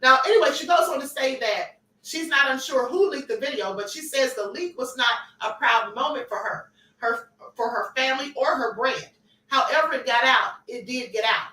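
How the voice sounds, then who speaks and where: High, bright-voiced woman gossip host. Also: moderate pace, reverberant, far from the mic, poor audio. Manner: animated, emphatic, repeats points. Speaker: livestream host. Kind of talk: celebrity gossip commentary.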